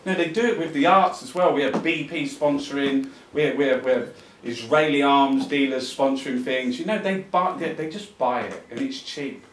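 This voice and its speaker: Speaking to a live audience at an arts club, a man delivers an impassioned, rambling talk full of restarted sentences and swearing. He has a medium pitch and normal speed. The sound is roomy, with a distant mic and slight background noise.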